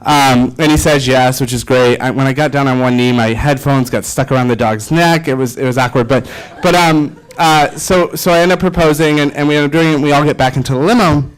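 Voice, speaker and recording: A man in his twenties giving a keynote speech, telling a personal story in a lively way with many fillers and restarts. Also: mid-range voice, a little fast, smooth, low-quality recording. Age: 20s. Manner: animated, filler-heavy, self-deprecating. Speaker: keynote speaker.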